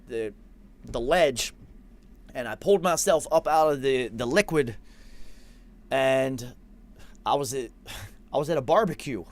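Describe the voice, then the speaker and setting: Guy in his 40s hosting a podcast, swears a lot, rambles thru a wild story, middle pitched voice. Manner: rambling, profane, animated anecdote with self-quoting. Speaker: podcast host. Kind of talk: casual storytelling.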